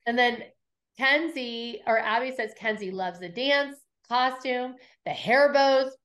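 A woman's voice: on the high side, slow. A middle-aged woman hosting a podcast, casually recapping scenes, acting out quotes and swearing freely. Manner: animated storyteller, acts out quotes, swears freely. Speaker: podcast host recapping episodes.

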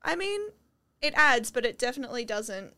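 A young woman chatting casually as a podcast co-host, eager and quick to react. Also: on the high side, very animated, bright, forceful tone, smooth. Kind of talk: casual chat.

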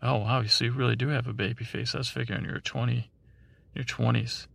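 A man voicing a mellow, mumbling superhero in a sleepy bedtime story. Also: fairly even intonation, a little fast, gravelly. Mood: flat. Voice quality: mumbling, low-key.

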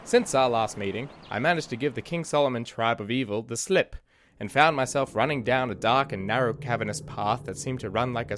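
A man's voice: medium pitch, a little hiss or hum. A man hosting a show and narrating his own comic adventure in mock-archaic, theatrical turns with dry asides. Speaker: podcast host and storyteller.

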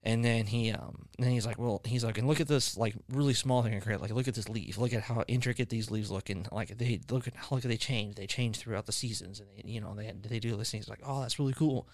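On a casual podcast about faith, a fairly low-voiced male host rambles through long stories, with plenty of fillers and restarts. He talks quickly with few pauses, and the recording is dry and close.

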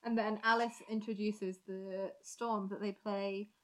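A woman's voice: medium pitch, level tone, unhurried, poor audio. A young northern English woman co-hosting a podcast, rambling through casual chat. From Northern England. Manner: chatty, full of fillers and tangents. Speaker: podcast co-host.

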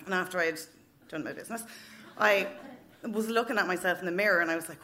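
A woman's voice: medium pitch, fast talker, sharp tone. A woman in her thirties with an Irish accent, telling a funny story at a live open mic night, frank and swearing freely. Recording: noisy live venue recording.

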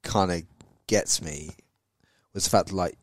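Male podcast host, low register, loose banter with stumbling restarts, dry studio sound. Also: measured pace, dry recording. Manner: banter, swears casually, repeats words when starting. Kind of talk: casual chat.

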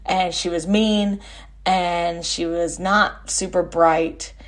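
A woman's voice: on the low side, fairly even intonation, slow. A woman in her forties from Texas, a podcast host telling a family story in a rambling, casual way, often correcting herself and using fillers.

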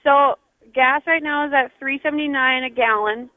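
A woman's voice: high voice, fairly even intonation, normal speed. A woman working as a gas station clerk, answering a call in a patient, plain and slightly hesitant way. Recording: dry phone line.

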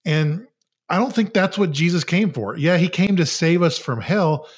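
A man's voice: a little high, lively intonation, moderate pace, slightly rough. A man in his thirties co-hosting a casual faith podcast, conversational and joking. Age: 30s. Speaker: podcast co-host.

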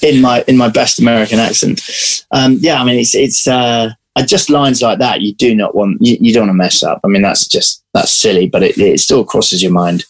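A man's voice: mid-range voice, brisk. Chatty man telling stories. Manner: animated storyteller, restarts often. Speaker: actor guest. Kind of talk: casual interview chat.

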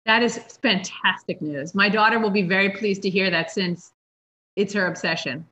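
Bright-voiced woman host, dull lo-fi sound. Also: medium pitch, moderate pace. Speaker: podcast host. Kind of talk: casual interview chat. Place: home kitchen.

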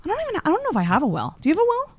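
Curious, musing woman with lively pitch. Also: very fast, no room sound. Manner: musing, curious, laughs easily. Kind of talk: casual chat.

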